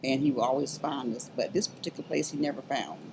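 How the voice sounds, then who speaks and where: A middle-aged woman, telling her story as an interview guest in earnest, halting speech that builds to fervent urging. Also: extremely low pitch, vocal fry, background noise. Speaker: interview guest, abuse survivor. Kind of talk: emotional personal testimony.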